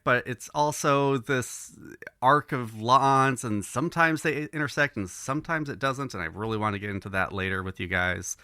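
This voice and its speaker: A man co-hosting a podcast, talking in a thoughtful, measured casual way. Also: mid-range voice, pushed and bright, no room sound, clean studio sound. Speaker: podcast co-host. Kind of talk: casual chat.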